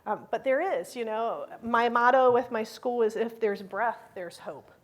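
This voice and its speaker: A woman's voice: on the high side, a little slow. A woman speaking at a conference about the school she founded. She talks in a chatty, heartfelt way, with many fillers and frequent laughter. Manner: heartfelt, emotional in places. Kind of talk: conference talk.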